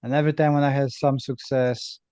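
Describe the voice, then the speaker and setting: A male interview host chatting casually, speaking briefly with halting phrasing. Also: medium pitch, little pitch movement, dark tone, clear, resonant tone, no room sound.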